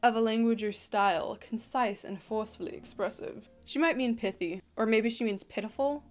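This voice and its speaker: A YouTube host in her twenties reads an online post aloud for a casual reaction video, reacting with animated, slangy emphasis. Her voice sits on the high side at a normal speed, with soft music playing in the background.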